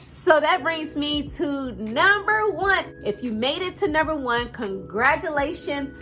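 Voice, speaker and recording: A woman in her thirties with a noticeable twang gives a heartfelt motivational talk straight to her viewers. Her voice sits high and rings bright, and she speaks in a casual, earnest way, with fillers sprinkled throughout. Soft music plays faintly underneath. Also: sing-song, a little slow. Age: 30s. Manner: earnest, direct, conversational with fillers. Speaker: vlogger.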